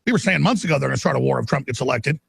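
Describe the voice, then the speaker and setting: A male talk radio host delivering a fiery, ranting monologue that climbs into shouts. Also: mid-range voice, animated, very fast, vocal fry, breathy edge, dry recording.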